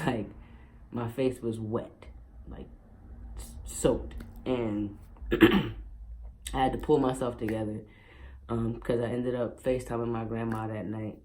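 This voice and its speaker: A young man vlogging at home, telling a personal story in a candid, emotional way with many fillers. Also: medium pitch.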